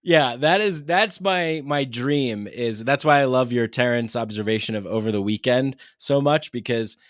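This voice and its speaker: A man's voice: mid-range voice, moderate pace, dry recording, clean studio sound. A man talking as a comedian guest on a podcast, rambling casually with many restarts. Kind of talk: casual chat.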